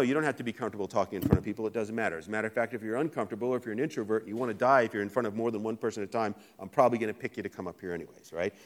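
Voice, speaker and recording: A middle-aged man from Virginia, a literature professor who jokes and teases while picking volunteers from an audience. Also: mid-range voice. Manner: fast, joking, teasing. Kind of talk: lively classroom talk to an audience.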